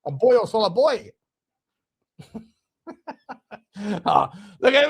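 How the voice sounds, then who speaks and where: A man's voice: high-pitched, sing-song, slow, gravelly, breathy edge. A man hosting a live football watchalong for fans, chatting casually, swearing and laughing often. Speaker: fan channel host. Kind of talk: live match watchalong chat.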